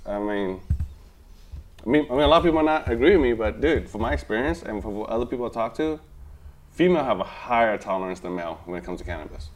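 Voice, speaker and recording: A man's voice: on the low side, animated, quick pace. A man in casual chat, sharing opinions in a musing way with slightly broken grammar.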